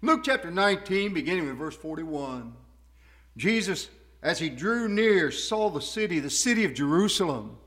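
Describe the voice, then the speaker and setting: A man preaching a sermon, his delivery swinging from hushed, tender lows to ringing, fervent highs. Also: animated, normal speed.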